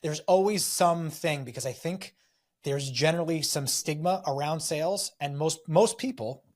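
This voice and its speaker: Animated man telling a long story. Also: a little high, normal speed. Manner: energetic, rambling, acts out quoted voices. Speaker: podcast guest, real estate investor and tech salesman. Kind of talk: casual storytelling interview.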